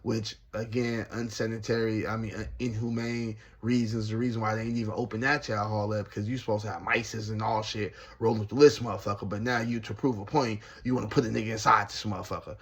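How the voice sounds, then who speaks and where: Gravelly, slangy man telling prison stories. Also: on the low side, fairly quick, few pauses. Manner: slangy, animated, laughs often. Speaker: former prisoner telling his story. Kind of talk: casual storytelling.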